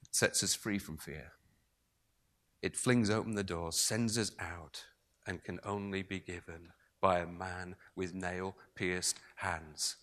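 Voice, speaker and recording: Slow, bright-voiced man preaching a sermon. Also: low voice, steady tone. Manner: slow, swinging between raised emphasis and hushed near-whispers.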